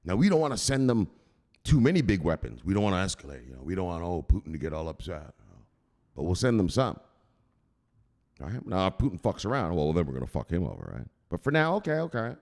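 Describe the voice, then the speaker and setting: A man's voice: low-pitched, very animated, fast talker, a little mellow. Crypto vlog guy rambling, swears a lot, voice jumps all over, echoey room. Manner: profane, rambling, jokey. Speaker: crypto news channel host. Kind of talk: casual joking monologue.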